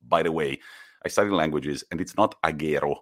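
A man's voice: extremely low pitch, a bit bright, no echo, studio quality. A man co-hosting a football podcast, telling stories with enthusiasm in a casual chat. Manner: storytelling, enthusiastic, quick bursts. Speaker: podcast co-host.

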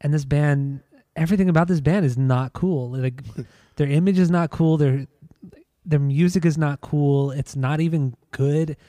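Male podcast host, mellow voice, dry sound, wry and dismissive. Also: a little high, moderate pace, dry recording. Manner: wry, dismissive, steers the episode. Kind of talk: casual chat, album review.

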